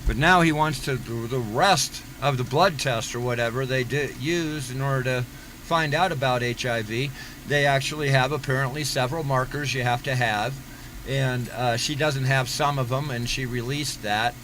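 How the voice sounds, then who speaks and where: A man's voice: medium pitch, moderate pace, a bit bright, a little hiss or hum, low-quality recording. A man giving sarcastic commentary on a livestream, recapping and mocking what others said.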